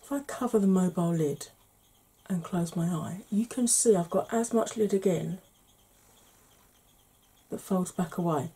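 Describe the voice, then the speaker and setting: A woman hosting a soft-spoken makeup tutorial, chatty and explaining each step, tired and yawning. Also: fairly low pitch, a little slow, long pauses, breathy edge.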